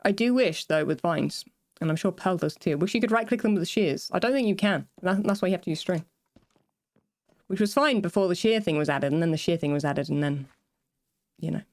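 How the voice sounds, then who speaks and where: A woman's voice: on the low side, animated, a little fast, dry recording. A woman streaming herself building in a game, chatting casually in a rambling way, breaking off mid-sentence and laughing as she talks to her viewers. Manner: rambling, self-interrupting, laughs often, talks to chat. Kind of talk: casual livestream chat while building in a game.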